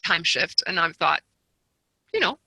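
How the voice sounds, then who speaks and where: Very bright animated woman storyteller. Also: on the low side, a little slow, vocal fry, husky, low-quality recording. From lives near Seattle. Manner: animated, acts out quoted voices, laughs often. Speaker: guest author and seminar leader. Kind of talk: storytelling in a conversation.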